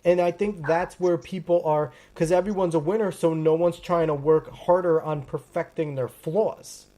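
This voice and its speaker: Guy hosting a sports podcast, emphatic, gets animated telling stories. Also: on the high side, moderate pace. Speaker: podcast host. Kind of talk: casual sports chat.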